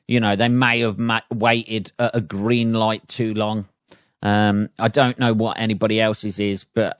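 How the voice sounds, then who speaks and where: A man's voice: fairly low pitch, smooth, dry recording, studio quality. A man, a podcast host and stand-up comedian, ranting in a sweary, rambling, self-amused way in a casual solo chat.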